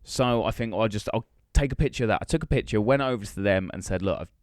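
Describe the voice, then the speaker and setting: On a podcast, a young male co-host tells a story fast in casual chat, swearing freely and acting out each line of dialogue. His pitch is ordinary, and the recording is close and dry with no room sound.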